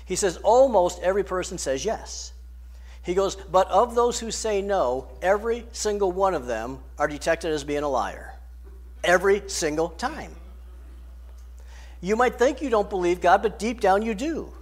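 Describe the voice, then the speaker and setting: High-voiced man preaching a sermon. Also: animated, moderate pace. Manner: emphatic preaching with swings in loudness and pace. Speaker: pastor.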